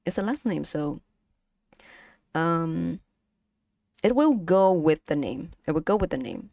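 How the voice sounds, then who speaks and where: A young woman with a Vietnamese accent teaches her chat the language, speaking very slowly and stopping often to repeat herself. Her voice sits a bit low. The sound is dry and close. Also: expressive, gravelly, a little mellow, dry recording. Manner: slow, halting, many fillers and repeats, laughs often. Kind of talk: casual language lesson stream.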